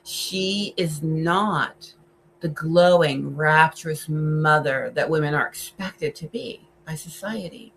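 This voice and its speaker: A woman with a low, deep-set voice talks through horror films in casual commentary. She is enthusiastic and emphatic, leaning hard on key words and then dropping into hushed asides. A faint hiss of background noise sits under her voice. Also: slow pace, rough recording. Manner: enthusiastic, emphatic, shifts between loud and hushed. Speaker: horror film vlogger.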